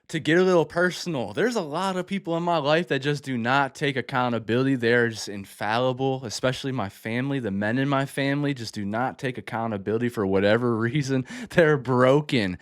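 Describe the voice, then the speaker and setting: A man's voice: medium pitch, dry recording, clean studio sound. A man hosting a music reaction, talking casually and enthusiastically, often exclaiming between thoughts.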